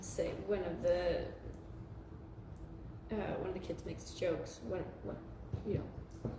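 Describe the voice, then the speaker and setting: Female congregant, halting delivery, off-mic in an echoey, noisy room. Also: fairly low pitch, recorded from a distance. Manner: hesitant, halting storytelling. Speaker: congregation member. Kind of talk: casual discussion.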